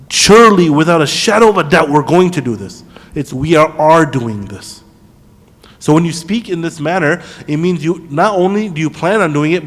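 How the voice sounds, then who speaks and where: Guy teaching a class in a mosque, kinda high voice, asks questions, reverby hall. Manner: recites Arabic verses quickly. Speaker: teacher of Quran commentary. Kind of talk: classroom lesson.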